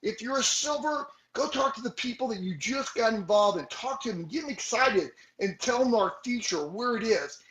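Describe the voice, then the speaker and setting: A man giving an energetic motivational talk as a sales team leader, exhorting his listeners with rhetorical questions. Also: extremely high pitch, moderate pace, hardly any pauses, roomy sound, rough recording.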